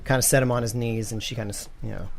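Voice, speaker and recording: Young man, game master, casual, rambling, fillers, mid pitch. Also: steady tone, very fast, vocal fry, slight background noise. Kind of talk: narrating a tabletop game.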